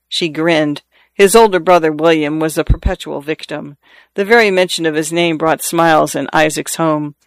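A man reads a novel aloud in a measured, expressive manner. His voice is smooth and a little higher than most men's. It is recorded close in a dry studio. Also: no echo. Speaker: narrator. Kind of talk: audiobook narration.

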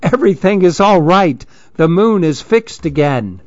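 A man squeaking as a small panicky monkey. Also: unhurried, dry recording, highs cut off. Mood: cheerful. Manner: high, excited cries. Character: frightened small young male monkey. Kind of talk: storybook reading.

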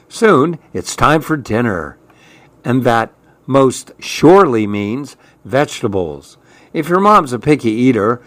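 Slow, gentle man reading a storybook. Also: medium pitch, no room sound. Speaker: children's book reader. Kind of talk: storybook read-aloud.

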